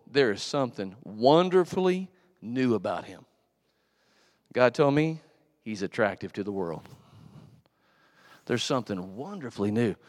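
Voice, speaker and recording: A man's voice: medium pitch, no echo, studio quality. A man preaching a casual, slangy sermon in a church. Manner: animated storytelling, slangy, with acted asides. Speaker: pastor.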